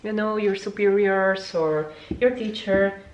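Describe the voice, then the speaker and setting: A young woman, not a native English speaker, teaching a casual video language lesson in a chatty way, jumping high in pitch to show words. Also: measured pace, highs cut off. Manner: lively, jumps high to demonstrate words, chatty with fillers.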